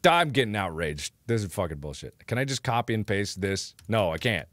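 Animated, exasperated young male streamer. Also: fairly low pitch, fairly quick, dry recording. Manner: exasperated, swearing, loud outbursts. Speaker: live streamer. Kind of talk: live-stream gameplay commentary.

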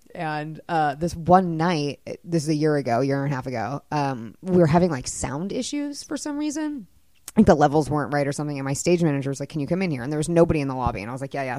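A woman's voice: deep voice, dry recording, clean studio sound. A woman playwright in her thirties talking in a casual interview, telling stories with lots of laughter and the odd swear. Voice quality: animated storyteller, laughs often, swears casually. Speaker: playwright guest.

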